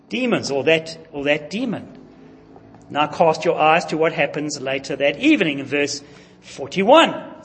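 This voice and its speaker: A man's voice: fairly high pitch, fairly bright tone. A man preaching a sermon, emphatic and putting questions to his congregation. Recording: long reverb of a large hall.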